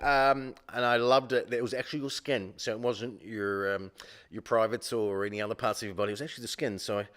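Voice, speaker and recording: A man's voice: mid-range voice, fairly bright tone. A man hosting a live-streamed quiz, rambling and joking at his own expense, with many fillers. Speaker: quiz show host.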